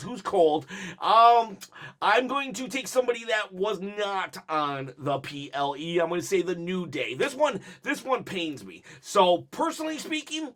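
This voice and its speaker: A man hosting a wrestling video channel, talking in a casual, animated way, full of fillers and laughing often as he goes. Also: sits high. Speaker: wrestling vlog host. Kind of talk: casual commentary.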